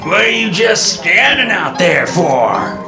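A man voicing a scornful, drunken young man who slurs his words and shouts. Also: high-pitched, big pitch swings, slow, gravelly, reverberant, music in the background, pitched above the performer's own voice, full character voice. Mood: slurring. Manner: slurred, loud, sneering.

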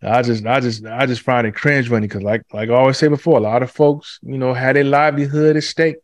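A man's voice: mid-range voice, fairly even intonation, fast talker, no room sound. A man in casual chat who talks animatedly, swears freely and acts out what others said.

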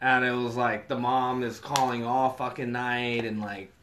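A young man telling a long, profane story in casual chat, animated and quoting others. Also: mid-range voice, unhurried, slight background noise.

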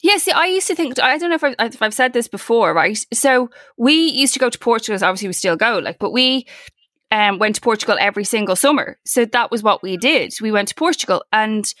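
A woman's voice: a little high, animated, a little fast, a bit bright, no echo, studio quality. An Irish woman in her forties, chatting casually as a podcast co-host, swearing freely and acting out the voices in her stories. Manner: chatty, swearing, acts out quoted voices in anecdotes. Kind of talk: casual chat.

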